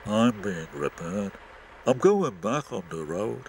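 A British man voicing a boastful, sulky male double-decker bus with gruff, self-important grumbling. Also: lowish voice, sing-song, slow, darkish tone, slight background noise, heavily acted.

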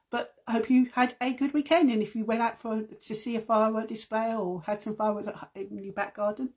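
A middle-aged woman hosts a casual live stream from her phone at home. Her voice is husky and a little breathy. She chats in a loose, rambling way full of asides and keeps calling her viewers guys. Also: mid-range voice, a little mellow. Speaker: makeup seller and host.

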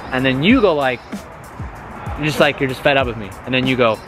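A man hosting a casual car vlog outdoors around a car, excitable and quick to laugh. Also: medium pitch, music in the background. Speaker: car vlogger host.

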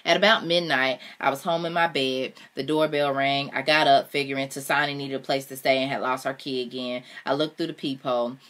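Female reader, low voice, steady first-person novel narration. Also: fairly quick, hardly any pauses. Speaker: audiobook reader. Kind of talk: reading a novel aloud.

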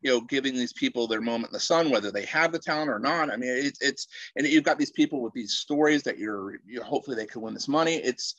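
A man's voice: mid-range voice, quick pace, hardly any pauses, fairly bright tone, no room sound, dull audio. A man interviewing a guest, keen and praising, who stammers and repeats his words as he asks questions. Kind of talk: casual interview talk.

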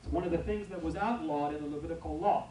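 A man's voice: on the high side, quick pace. Man preaching with humor in an echoing church. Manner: lively, humorous, storytelling with asides to the congregation. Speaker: pastor. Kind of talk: sermon. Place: church sanctuary with congregation. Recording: roomy church from far off, faint noise.

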